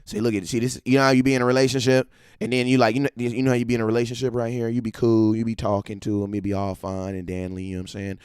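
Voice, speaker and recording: A man hosting a casual live-stream about football, animated and slangy, repeating himself and breaking into excited shouts. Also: mid-range voice, very fast, clean tone, no echo, studio quality. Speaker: live-stream sports talk host.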